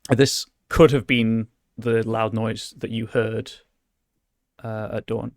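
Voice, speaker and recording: A man's voice: fairly low pitch, little pitch movement, slow pace, no room sound, studio quality. A man running a tabletop game as game master, describing scenes with many restarts and fillers.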